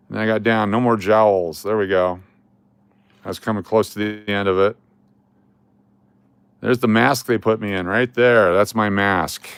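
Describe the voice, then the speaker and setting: A man's voice: lowish voice, a little slow, a bit bright, clean tone, dry recording. A middle-aged man hosting a casual vlog, rambling and joking as he talks through old photos. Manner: rambling and joking, with chuckles and trailing restarts. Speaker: coin collecting channel host.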